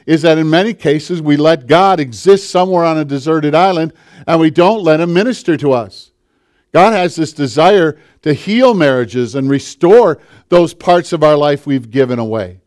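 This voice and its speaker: Impassioned preacher with a slightly high voice. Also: male voice. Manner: impassioned, swinging from forceful to hushed. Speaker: pastor. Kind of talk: sermon.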